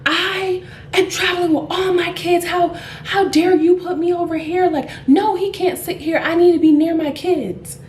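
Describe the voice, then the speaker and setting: A shrill, loud, combative mother yelling at everyone, as a woman puts her on. Roomy echo. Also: fairly even intonation, normal speed, recorded from a distance, slight background noise. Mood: outraged. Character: furious woman, a mother flying with her kids.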